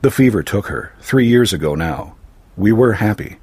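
A bitter English officer, as a male reader puts him on, speaking low and slowly. The voice is husky and deep-set, heard dry and close. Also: animated, darkish tone, dry recording. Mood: soft.

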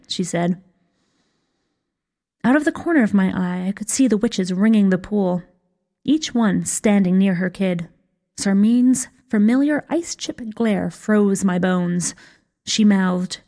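A woman's voice: medium pitch, measured pace, dark tone. A woman reading a first-person fantasy story aloud with a wry, dry humor. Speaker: story reader. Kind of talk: scripted fiction narration.

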